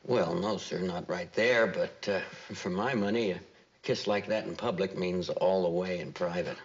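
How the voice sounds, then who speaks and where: An actor playing a plain-spoken, opinionated witness on the stand. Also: male voice, low-pitched, moderate pace, a little hiss or hum, close to an everyday voice. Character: gossipy male witness, sure of himself. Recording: dull old TV sound.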